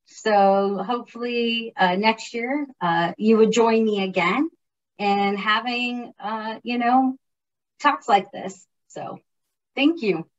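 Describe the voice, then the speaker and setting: A woman's voice: fairly high pitch, takes it slowly, far from the mic, lo-fi sound. A woman who directs public policy, chatting informally about the legislative process with many fillers and restarts. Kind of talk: casual informational chat.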